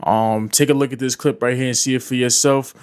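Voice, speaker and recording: A man's voice: medium pitch, steady tone, brisk, clean tone. A man hosting a casual commentary vlog, talking loosely with lots of fillers. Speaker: commentary channel host.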